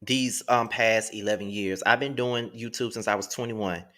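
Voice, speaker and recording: A man's voice: on the low side, steady tone, moderate pace, fairly bright tone. A man in his thirties hosting his own online show, talking emotionally to his viewers and close to tears, repeating himself as he thanks them. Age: 30s. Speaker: YouTube show host.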